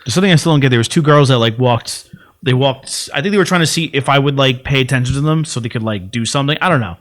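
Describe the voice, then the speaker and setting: A man's voice: medium pitch, a bit bright. A man co-hosting a podcast, telling rambling anecdotes in casual chat and mimicking relatives as he goes. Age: adult, works for city sanitation. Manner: rambling anecdotes, fast, acts out relatives' voices. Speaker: podcast co-host.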